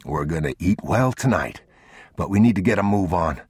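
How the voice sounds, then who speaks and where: Deep, husky, worn-out dad, calm and protective, hushed reassurance, from the narrator. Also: male voice, normal speed, no room sound, studio quality. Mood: reassuring. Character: weary, protective father, quietly steady.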